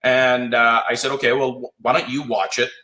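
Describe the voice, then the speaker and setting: A man's voice: medium pitch, level tone, pushed and bright. Blunt, profane male sales coach. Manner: blunt, profane, fast-talking pep talk. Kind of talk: livestream coaching talk. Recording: roomy echo.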